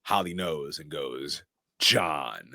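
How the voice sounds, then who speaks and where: A man co-hosting a podcast, recapping a movie in casual chat and slipping into quick character voices. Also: fairly low pitch, no room sound, studio quality. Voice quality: animated storyteller, doing quick character voices. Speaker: podcast co-host recapping a film.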